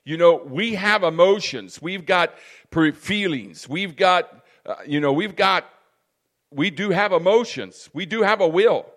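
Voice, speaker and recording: A man preaching a sermon with fervor, dropping to near-hushed asides and rising to loud emphatic bursts, peppering his talk with "praise God" and "amen.". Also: high voice, lively intonation, a little slow.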